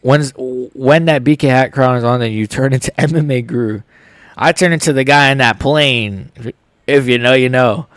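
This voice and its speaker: Young male streamer with hiccups, casual slangy chat, close dry mic, mid pitch. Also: moderate pace, fairly bright tone, no echo. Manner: reads chat aloud, laid-back slangy banter. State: has the hiccups. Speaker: streamer reacting live to fights.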